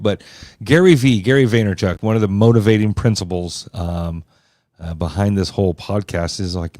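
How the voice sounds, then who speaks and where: A man's voice: on the low side, a little mellow, no echo, clean studio sound. A man around fifty hosting a podcast, talking loosely and rambling with lots of fillers and restarts. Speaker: podcast host. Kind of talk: casual podcast chat.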